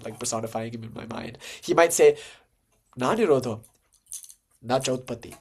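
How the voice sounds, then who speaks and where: A man delivering a relaxed, informal spiritual lecture at a mid-range pitch. His talk is loose and conversational, with frequent fillers. He keeps it animated, with sudden lively bursts of emphasis. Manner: animated, jumps to lively acted-out dialogue. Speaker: lecturer on Hindu tantra and philosophy.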